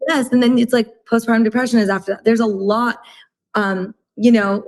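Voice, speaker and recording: A woman's voice: fairly high pitch, little pitch movement, fairly quick, a little mellow. A woman guest on a casual podcast, explaining earnestly and peppering her talk with "like" and "you know".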